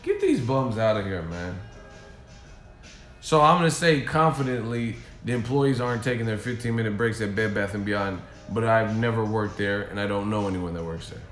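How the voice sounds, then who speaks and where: A man's voice: fairly low pitch, normal speed, fairly bright tone, soft background music. A man ranting on a stream in a profane, mocking way from a hotel room. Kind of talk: casual rant. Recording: echoey room.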